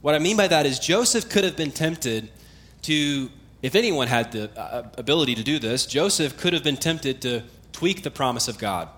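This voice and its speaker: A man's voice: medium pitch, expressive, moderate pace, fairly bright tone. A man preaching a sermon as pastor, in a conversational, explanatory manner with emphatic repetition, often letting his voice fall away at the ends of phrases.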